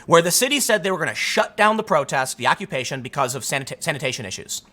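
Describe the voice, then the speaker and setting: A man's voice: on the high side, lively intonation, fast, sharp tone. A man hosting solo political commentary, talking emphatically and arguing his point. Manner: emphatic, argumentative, acts out quotes in other voices.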